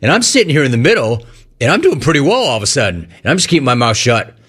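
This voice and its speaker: A man's voice: medium pitch, big pitch swings, fast, a bit bright, slightly rough. A man hosting sports talk radio, telling a rambling, jokey story and acting out the voices in it. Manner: rambling, jokey, acts out the voices in his stories.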